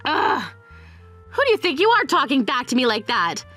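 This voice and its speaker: A greedy, scornful mother with a high, harsh voice, put on by a woman. She berates and belittles in a sharp, cutting tone, like a voice in a dramatized storybook. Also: sing-song, moderate pace, faint music behind, exaggerated voice. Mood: berating.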